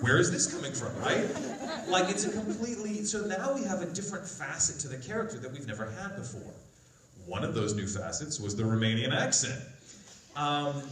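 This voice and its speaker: A voice actor telling behind-the-scenes stories on a convention panel. He talks animatedly and acts out the voices of the people he quotes. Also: fairly high pitch. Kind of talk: anecdotal panel storytelling. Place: large convention hall. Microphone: phone recording from the audience. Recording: roomy, distant hall sound with faint crowd ambience.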